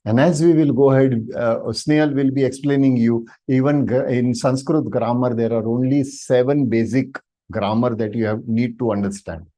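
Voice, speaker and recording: A man with an Indian English accent teaching an online language workshop, stretching out vowel sounds to demonstrate them and often pausing on "uh". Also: mid-range voice, fairly even intonation, dark tone. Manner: demonstrative, drawn-out vowel sounds, frequent "uh" fillers. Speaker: Sanskrit teacher. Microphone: video call microphone.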